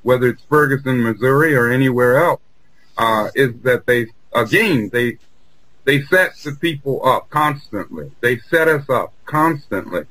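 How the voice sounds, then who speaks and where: A man co-hosting a political talk show, speaking earnestly with frequent halting restarts. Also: medium pitch, fairly bright tone, no echo, rough recording. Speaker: co-host.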